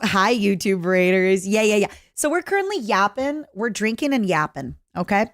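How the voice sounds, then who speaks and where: A young woman with a Canadian accent chatting casually with her stream viewers, jokey and full of quick asides. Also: medium pitch, expressive, no room sound, studio quality. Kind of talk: casual livestream chat.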